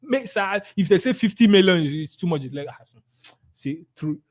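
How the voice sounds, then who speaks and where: A man's voice: high-pitched, lively intonation, brisk, darkish tone. A man with a Nigerian accent giving a live sales training talk, emphatic and repetitive, acting out conversations with clients. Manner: emphatic, repeats key words, acts out client dialogues.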